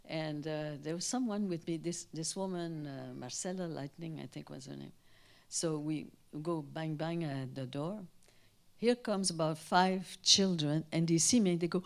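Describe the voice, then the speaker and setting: An older woman from Canada, a guest speaker telling anecdotes at a Q&A, animated and acting out the voices of people she quotes. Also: sits low, moderate pace. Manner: animated, acts out quoted voices, trails off and restarts. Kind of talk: anecdotal storytelling at a Q&A. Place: town hall in front of an audience.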